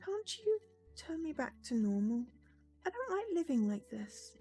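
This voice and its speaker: A woman's voice: high voice, sing-song, unhurried, warm tone, soft background music, voice pushed up, full character voice. A woman voicing an earnest sixteen-year-old girl and her narration in a visual novel.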